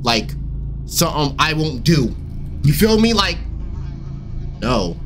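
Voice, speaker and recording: A young man giving animated, slangy let's-play commentary on a horror game, swearing and yelping when startled. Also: a little high, takes it slowly, background noise. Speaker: gaming YouTuber.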